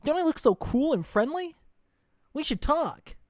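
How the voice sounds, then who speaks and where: A man's voice: very high-pitched, sing-song, unhurried, darkish tone, pitched above the performer's own voice, heavily acted. A man putting on a creepy fake-schoolboy voice. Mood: wheedling. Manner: mocking, wheedling sing-song. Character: creepy grown man posing as a friendly schoolboy.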